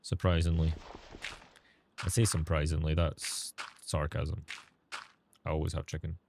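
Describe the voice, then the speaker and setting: A man's voice: very deep voice, completely flat delivery, normal speed, creaky, background noise. A man streaming a game, chatting casually with viewers in a sarcastic tone and swearing freely.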